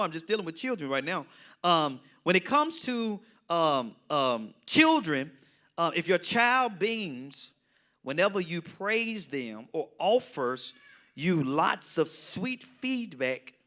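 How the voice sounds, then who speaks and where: A man leads a Bible study as a pastor, talking to his listeners in a loose, conversational way. His voice is bright and forceful and sits a little high for a man. He keeps turning to the room with quick questions as he teaches. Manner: conversational, often asks the audience "right?".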